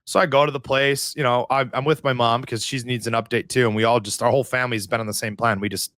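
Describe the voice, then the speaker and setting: A man co-hosting a podcast, chatting casually and telling stories in an animated way, swearing freely. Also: mid-range voice, fast, dry recording, clean studio sound. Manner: profane, animated storytelling. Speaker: podcast co-host. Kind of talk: casual chat.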